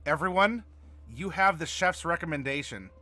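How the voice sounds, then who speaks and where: A man's voice: a little high, expressive, slow pace, pushed and bright. A man hosting a livestream as game master, chatting casually and reading viewer messages aloud. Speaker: game master and stream host.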